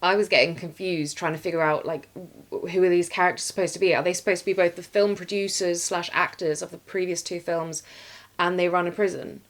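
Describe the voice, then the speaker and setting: Casting: woman, lowish voice, chatty co-host who laughs easily. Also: fairly even intonation, a little fast. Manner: chatty, laughs often, picks at details. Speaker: podcast co-host reviewing films. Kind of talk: casual film review chat.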